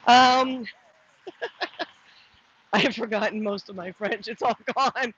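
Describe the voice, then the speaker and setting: A woman's voice: fairly high pitch, slow, a bit bright, breathy edge, dull audio. A middle-aged woman, chatting casually on a live stream while walking outdoors. She rambles, restarts often and answers viewer comments aloud. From Canada. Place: outdoors, walking to the post office.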